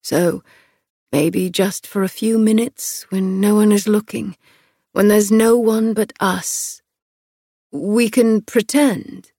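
A woman reading an audiobook, voicing a tall young man who speaks low, hushed and intimate, tender and intent. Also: steady tone, slow pace, slightly rough, no echo, studio quality.

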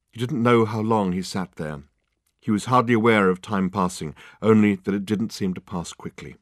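A man narrating a novel in a measured, expressive storytelling voice. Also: on the low side, no echo, clean studio sound. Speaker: audiobook narrator. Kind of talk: scripted narration.

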